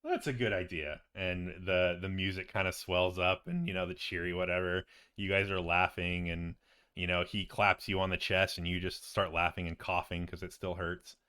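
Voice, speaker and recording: A man who serves as game master narrates a tabletop game in a loose, rambling style full of fillers. His voice sits fairly low. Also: flat delivery, normal speed, pushed and bright, clear, resonant tone.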